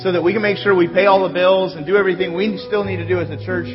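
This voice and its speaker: A man's voice: high-pitched, fairly even intonation, rapid-fire. A male pastor giving church announcements in a conversational way, stopping now and then to correct himself. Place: church sanctuary. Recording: echoey hall, dull sound, music behind.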